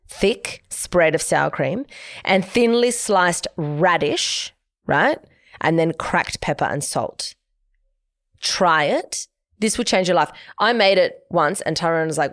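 A woman's voice: lowish voice, no room sound. Chatty woman podcast host, dry sound. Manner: chatty, emphatic, giving advice with quoted asides. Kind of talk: casual solo podcast chat.

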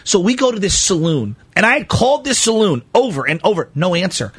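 A man co-hosting a sports radio show, telling a story in an excitable, animated way with quick laughs. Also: sits high, slightly rough, no echo. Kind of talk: casual storytelling banter.

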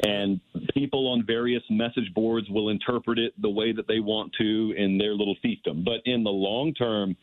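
A man's voice: fairly low pitch, dry recording. Man over a tinny phone line. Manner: thoughtful, measured, wondering aloud. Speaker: guest analyst. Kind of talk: sports talk radio interview.

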